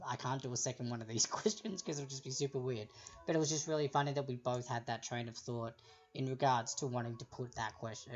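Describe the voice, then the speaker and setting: A man's voice: a little high, lo-fi sound. A man hosting a trivia quiz on a livestream. He reads out each question, then wanders into chatty, jokey asides. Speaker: trivia host.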